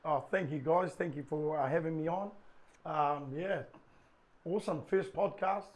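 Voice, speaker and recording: Podcast guest, New Zealand man, high-pitched, lively storyteller who laughs a lot. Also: normal speed. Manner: animated storyteller, laughs often. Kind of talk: casual chat.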